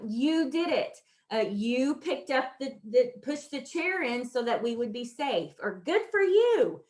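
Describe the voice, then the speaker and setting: A woman in her thirties leads a training lesson with an upbeat, animated delivery. Her voice sits a little high, and she often slips into a sing-song tone to model how to praise children, laughing easily between points. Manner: laughs often while explaining. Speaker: teacher trainer.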